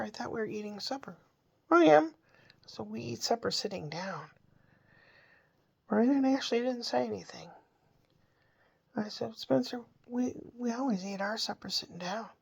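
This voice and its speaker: A woman's voice: medium pitch, normal speed, creaky, darkish tone, husky. An older woman, a grandmother, telling family stories in a rambling, homey way. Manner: rambling, homey, with small restarts. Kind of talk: casual storytelling monologue.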